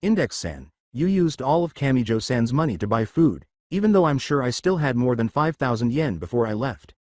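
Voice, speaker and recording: A man doing a fed-up schoolboy, scolding, lively, very dry close mic. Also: medium pitch, moderate pace, no echo, lightly acted. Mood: exasperated. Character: angry young male student scolding.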